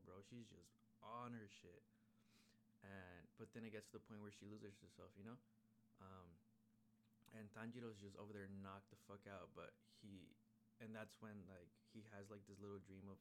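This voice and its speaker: A man's voice: lowish voice, slight background noise. Slangy, laid-back male podcast host. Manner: laid-back, rambling, heavy swearing and slang. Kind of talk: casual chat recapping an episode.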